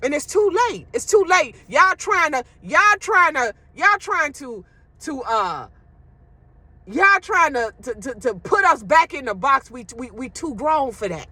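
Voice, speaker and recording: A woman's voice: high voice, big pitch swings, a little slow, sharp tone, no echo. A woman delivering a blunt, emphatic rant to her viewers, with profanity. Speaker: social media commentator. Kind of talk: ranting monologue to viewers.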